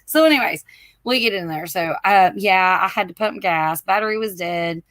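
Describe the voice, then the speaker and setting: A woman telling a long story in a casual chat, animated, laughing and swearing, with lots of "like" fillers. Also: medium pitch, moderate pace.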